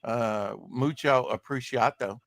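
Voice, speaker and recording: A man's voice: medium pitch, slow pace, a bit bright, dry recording. A man hosting a casual livestream, rambling and joking while reading chat aloud, short on sleep. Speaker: livestream host.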